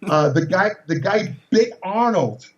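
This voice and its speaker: Telling casual anecdotes as a podcast guest, a man in his sixties wanders along with many restarts and fillers. His voice sits high, animated yet unhurried, heard through a distant, roomy, dull recording.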